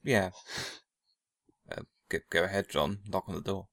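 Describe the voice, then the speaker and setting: A man's voice: low voice, fairly even intonation, a little slow, gravelly, a bit bright, no room sound, studio quality. A man playing a tabletop game, casual, amused and scheming. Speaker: player.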